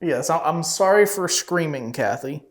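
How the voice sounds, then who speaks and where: A man on a ghost hunt, gently and politely coaxing a spirit with questions, recorded in an office of an old house. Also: a little high, animated, moderate pace. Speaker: paranormal investigator. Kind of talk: ghost-hunting session talk.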